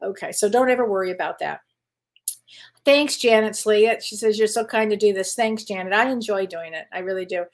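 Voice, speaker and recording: Answering viewer questions on a livestream, a middle-aged psychic host speaks at medium pitch and a fairly quick pace. She's chatty and reassuring, laughing often, with plenty of fillers and restarts.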